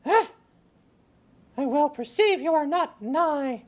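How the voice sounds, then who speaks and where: A woman's voice: high-pitched, expressive, takes it slowly, darkish tone. A woman playing prim young Hermia. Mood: frantic. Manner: prim, then frantic. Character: modest young woman in love, firm. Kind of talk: amateur Shakespeare reading.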